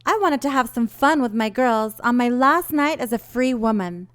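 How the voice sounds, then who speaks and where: A woman's voice: fairly high pitch, lively intonation, moderate pace, a bit bright, a little hiss or hum. A woman narrating a documentary about her own life in scripted voice-over, plain and reflective.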